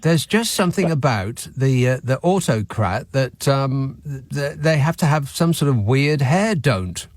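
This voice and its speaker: A male radio phone-in host with a mid-range voice, recorded dry and close in a studio. He talks in a sarcastic, exasperated way, picking things apart with deadpan asides. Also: mid-range voice, measured pace, hardly any pauses, no room sound. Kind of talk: late-night talk radio chat. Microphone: studio microphone.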